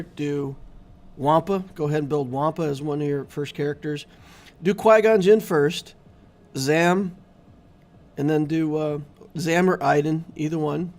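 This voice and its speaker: In a fairly high, somewhat mellow voice, a middle-aged man hosts a gaming stream. He's chatty and easygoing, talking casually with his viewers throughout the live commentary.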